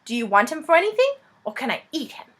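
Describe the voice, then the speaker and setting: A woman's voice: high voice, very animated, fast talker, a bit bright, pitched above the performer's own voice. A woman voicing a small, boastful young dragon that sounds eager and pleased with itself. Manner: eager, self-satisfied.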